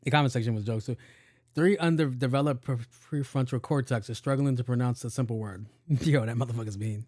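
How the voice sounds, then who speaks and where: A man's voice: mid-range voice, brisk, mellow, dry recording, studio quality. A man hosting his own podcast, talking in a rambling, casual way, swearing freely and stumbling over tongue twisters. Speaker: podcast host. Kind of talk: casual solo podcast chat.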